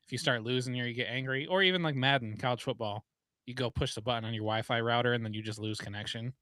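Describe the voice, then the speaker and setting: A man's voice: mid-range voice, fast, sharp tone, no room sound. A man co-hosting a live podcast, trading teasing jokes in casual banter. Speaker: podcast co-host. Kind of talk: casual live-stream chat.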